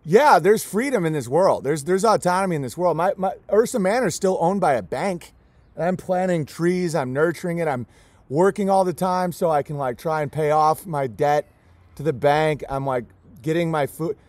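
A man with a fairly high voice delivers an impassioned vlog rant about raising his own animals. He speaks emphatically and emotionally, stays close to tears and hammers the same words over and over. The sound is dry and close, with no room around it. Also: moderate pace, a little mellow, dry recording. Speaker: homesteader raising goats and chickens.

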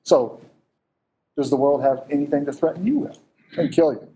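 Male preacher, mellow and warm tone, lively conversational sermon delivery with rhetorical questions. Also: on the high side, normal speed, slight background noise.

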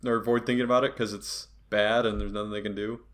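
A man's voice: lowish voice, little pitch movement, fast, a bit bright. A man co-hosting a podcast, chatting casually and teasing his friends with frequent laughs. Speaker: podcast co-host. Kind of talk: casual chat.

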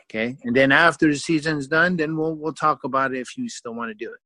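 Man as a no-nonsense strict dad, clipped and firm, bright dry voice. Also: a little high, fast, dry recording. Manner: firm, clipped, repeats "okay". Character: firm strict father laying down rules.

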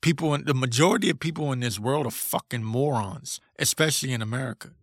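A man's voice: medium pitch, fast talker, fairly bright tone, dry recording, studio quality. A man hosting a solo podcast, ranting in a blunt, profane, combative way. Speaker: podcast host.

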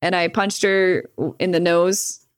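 A woman's voice: lowish voice, measured pace, clear, resonant tone, no room sound, clean studio sound. A young woman telling a story casually, with lots of swearing and filler words. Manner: profane, filler-heavy with "like"; animated retelling with laughs. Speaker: streamer guest.

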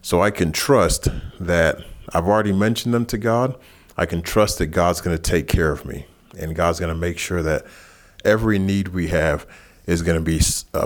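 A man teaching a Bible passage in a relaxed, conversational sermon, who rises in pitch for lively asides. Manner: casual and animated, jumps higher in pitch for asides. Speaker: pastor.

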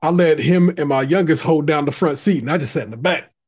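A man's voice: fairly high pitch, fast, a little mellow, husky. A man co-hosting a podcast, telling a story in casual chat, laid-back with many restarts. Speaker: podcast co-host.

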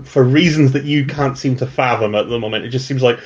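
A man's voice: medium pitch, a little fast. A man running a tabletop game as game master, chatty and hesitant, laughing often. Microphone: home microphone with noise suppression. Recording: lo-fi online call mic.

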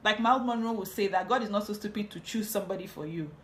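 A woman gives a relaxed Bible teaching on marriage into a close mic. She talks in a chatty, digressive way and breaks off for asides. Her pitch sits in the middle, with a faint hum of noise behind her. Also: quick pace. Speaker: podcast host teaching on marriage.

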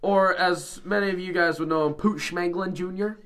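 A man's voice: high-pitched, fairly even intonation, normal speed, fairly bright tone. A young man co-hosting a casual podcast, introducing the others with jokes. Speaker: podcast co-host. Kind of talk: casual chat.

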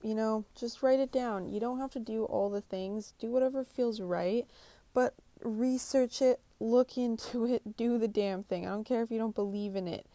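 A woman's voice: on the high side, moderate pace, mellow, dry recording. Blunt, foul-mouthed motivational woman. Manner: blunt, swears constantly, pushy pep talk. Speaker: motivational speaker. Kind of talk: profane motivational monologue.

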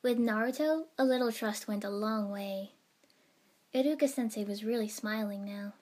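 A woman narrating a story in the first person. She reads in an even, steady manner, moving the tale along between the dialogue. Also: medium pitch, moderate pace.

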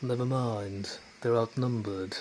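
Slow, hesitant man in a chat. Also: medium pitch, steady tone, a little mellow, slight background noise, poor audio. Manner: hesitant, with many fillers. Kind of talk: casual chat.

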